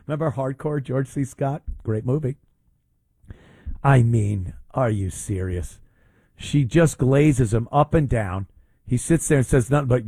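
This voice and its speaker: A man hosts a talk radio show, mocking what he has just played. His voice swings widely in pitch while he drawls his words out slowly, and the sound is close and dry. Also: slightly rough, no echo. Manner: sarcastic, mocking, animated. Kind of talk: mocking commentary on a clip.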